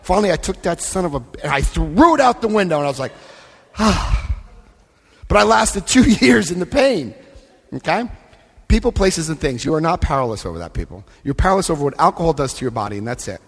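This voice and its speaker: A man giving a lively recovery talk to a live convention audience, acting out scenes and voicing quotes. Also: fairly high pitch, fast, husky. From United States. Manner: animated, acts out scenes, shifts voice for quotes. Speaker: AA convention speaker. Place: convention hall. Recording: long hall reverb.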